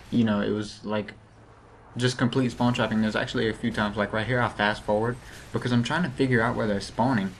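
Lisping man, flat low gameplay commentary. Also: a little hiss or hum. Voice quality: lisp. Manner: rambling, many fillers and restarts.

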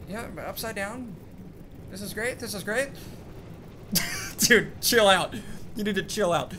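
A young man giving jokey, excited commentary as he plays a game, chatting to his companion and yelping at scares. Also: sits high, takes it slowly, pauses often, slight background noise. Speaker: gaming YouTuber. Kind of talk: excited let's-play commentary.

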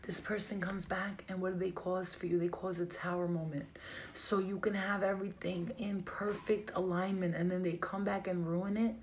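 A woman's voice: on the low side, little pitch movement, moderate pace, slight background noise. A woman giving a live tarot reading, emotional and direct, speaking straight to her viewers. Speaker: tarot reader.

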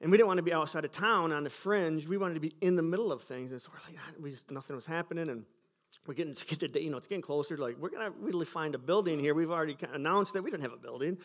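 A man's voice: fairly high pitch, very fast. A man from Michigan, a pastor giving a sermon testimony in a school cafeteria, telling his church's story earnestly and acting out conversations.

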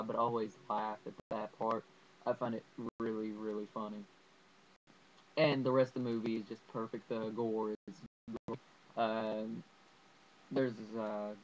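A man's voice: on the low side, little pitch movement, a little slow, highs cut off, slight background noise. A young man rambling enthusiastically through a casual horror movie review, full of fillers.

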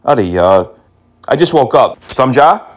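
A man's voice: medium pitch, very animated, slow pace. A man prank-calling phone scammers, teasing and mocking them and dropping in Hindi words and insults. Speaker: scam-baiting prank caller.

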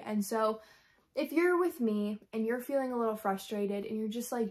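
A young woman with a fairly high voice speaks in an earnest, rambling way for a faith vlog. She keeps breaking into quoted prayers and uses plenty of casual fillers. She sounds frustrated but still hopeful. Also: moderate pace, darkish tone. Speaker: Christian vlogger. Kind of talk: candid devotional vlog talk.

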